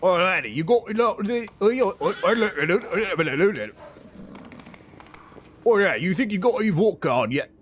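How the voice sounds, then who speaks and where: A man's voice: sits high, animated, normal speed, a little hiss or hum, pitched above the performer's own voice. A man putting on a stereotyped Scottish man whose exaggerated mock accent drifts toward Cockney, stammering along.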